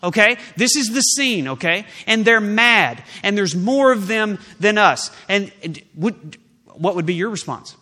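A man preaches in a church, his voice high and bright as he jokes with the congregation and acts out what people might say. The sound carries a long reverb from a large hall. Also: expressive, unhurried. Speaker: pastor. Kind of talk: sermon. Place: church sanctuary.

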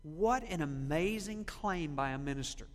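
A man preaching a sermon as a pastor, asking the congregation questions and slowing down to read scripture aloud. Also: on the high side, animated, long reverb tail. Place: church sanctuary.

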